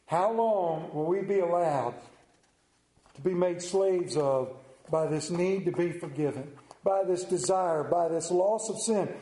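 A man's voice: sits high, measured pace, dark tone. A man preaching a sermon, emphatic and storytelling, repeating words for effect. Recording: echoey room.

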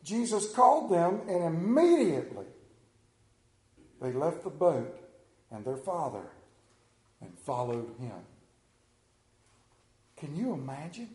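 A man preaches with rising feeling, his voice pitched high and swinging widely up and down. He stumbles and repeats words as he gets carried away. The sound rings around a reverberant room. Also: very animated, darkish tone. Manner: emotional, halting, repeats words. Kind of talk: sermon.

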